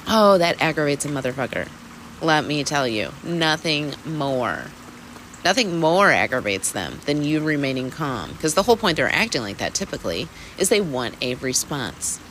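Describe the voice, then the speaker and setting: Very animated and fairly bright, a medium-pitched voice at a moderate pace hosts a weekly mindfulness talk. The candid, casual self-help reflection includes some laughing and swearing, and the low-quality recording carries slight noise and the sound of rain.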